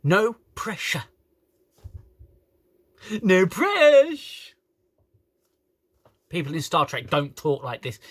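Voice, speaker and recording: A fed-up man rants his way through a review, swearing freely and tripping over his own words. His voice sits a touch high for a man, and it comes through a camera phone. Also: fairly bright tone. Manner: exasperated, sweary, halting with restarts. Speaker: YouTube reviewer. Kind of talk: casual rant review.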